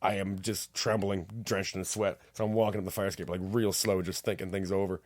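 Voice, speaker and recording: A man's voice: low-pitched, flat delivery, fairly quick, a little mellow, no room sound, clean studio sound. A man co-hosting a podcast, telling a story in casual chat and swearing freely. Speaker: podcast co-host.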